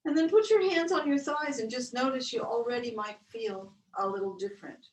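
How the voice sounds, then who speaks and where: A woman yoga instructor leading a webcast breathing class, with slow, gentle counted cues. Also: a little high, slight background noise. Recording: roomy, distant webcast audio.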